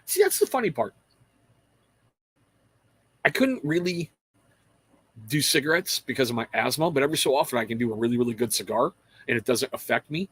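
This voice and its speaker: Give me a man at a mid pitch hosting a casual livestream chat, dry and close on the mic. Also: very animated, brisk, long pauses, husky, no room sound. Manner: rambling, reads out viewer names, swears casually. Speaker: livestream host.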